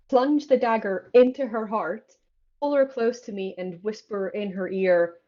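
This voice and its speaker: A woman's voice: medium pitch, a little slow, dark tone. A woman playing a tabletop game, talking eagerly and casually. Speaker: player. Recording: dull lo-fi sound.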